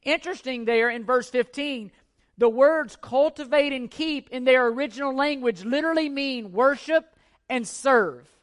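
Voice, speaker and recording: A man's voice: very high-pitched, normal speed. A man preaching a teaching sermon, earnest and emphatic, repeating key points and asking rhetorical questions of his listeners. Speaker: pastor.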